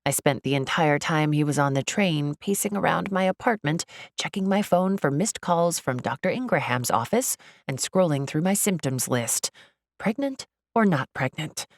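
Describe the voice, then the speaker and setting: Audiobook narrator: woman, low voice, expressive and upbeat, dry close studio sound. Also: normal speed, hardly any pauses, no echo. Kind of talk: first-person audiobook narration.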